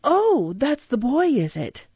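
A woman's voice: high voice, lively intonation, normal speed, darkish tone, dry recording, pitched above the performer's own voice. A woman voicing a meek, deferential undertaker who talks in a raised, mild voice. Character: meek deferential middle-aged male undertaker. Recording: dull, dry recording.

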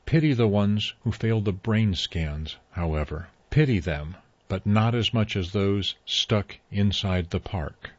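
A man reading a story aloud in a measured, even way. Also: fairly low pitch, dry recording, muffled recording. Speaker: narrator. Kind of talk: scripted story narration.

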